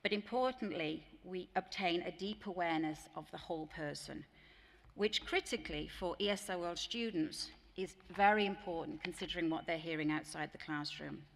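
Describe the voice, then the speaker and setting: At a large conference hall, a woman with an English accent delivers a plenary keynote to teachers, telling earnest anecdotes and mimicking voices for quoted dialogue. Her voice is on the low side and creaky at a moderate pace, and the recording carries long hall reverb.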